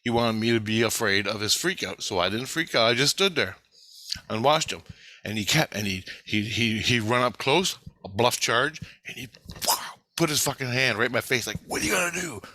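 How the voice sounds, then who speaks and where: A man telling a long story in a casual vlog, rambling, animated and profane. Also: medium pitch, normal speed, dry recording.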